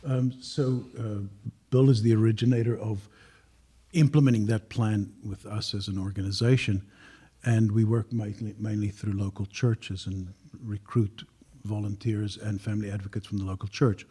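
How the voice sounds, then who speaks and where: A man talks as a panel guest in an easy conversational way. His voice is husky and dark, with a mellow, unhurried delivery. He pauses now and then to clear his throat. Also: on the low side, level tone. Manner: measured, clears throat often. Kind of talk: casual panel discussion.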